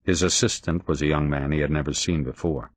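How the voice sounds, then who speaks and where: A man narrating an audiobook in a steady, expressive reading. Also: very deep voice, a little fast, no echo. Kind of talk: audiobook narration of a crime novel.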